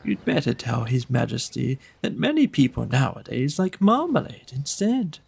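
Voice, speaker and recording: A man's voice: medium pitch, very animated, moderate pace, vocal fry, darkish tone, slightly rough, heavily acted. A man voicing a sleepy palace orderly who drawls his words.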